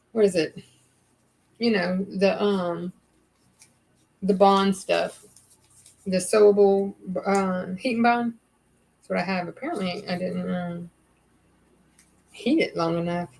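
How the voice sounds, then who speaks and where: Chatty nervous woman, gravelly. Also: mid-range voice, a bit bright, poor audio. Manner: chatty, rambling, thinking aloud with many fillers. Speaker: livestream host crafting. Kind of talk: casual livestream chat while sewing.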